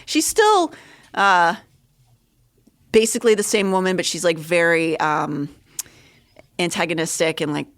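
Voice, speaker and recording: A woman co-hosting a podcast livestream in casual chat, animated, her pitch jumping up on punchlines. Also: normal speed, pauses often. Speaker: podcast co-host.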